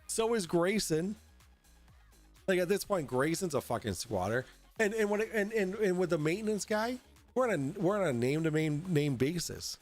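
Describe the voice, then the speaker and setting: A young adult man hosting a casual livestream from home, tipsy, rambling and halting with lots of fillers and swearing. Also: high voice, sing-song, soft background music. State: tipsy from drinking. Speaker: host. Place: at home in an apartment.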